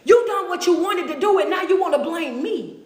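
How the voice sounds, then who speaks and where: High-voiced woman preaching in a roomy echo. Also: expressive, fairly quick. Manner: preachy, repetitive, rhetorical questions, laughs often. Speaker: motivational speaker. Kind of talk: animated motivational talk.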